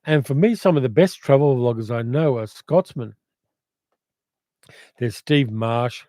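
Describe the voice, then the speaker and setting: A man's voice: medium pitch, slow pace, long pauses, mellow, dry recording. An older man with an educated Australian accent, hosting a casual livestream and reading out viewer comments in a reflective, rambling way. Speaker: livestream host.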